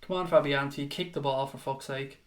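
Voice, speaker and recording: A man hosting a live football watchalong, commentating in a frustrated, sweary way with bursts of shouting. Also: medium pitch, steady tone, fairly quick. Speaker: watchalong host. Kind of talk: live fan reaction commentary.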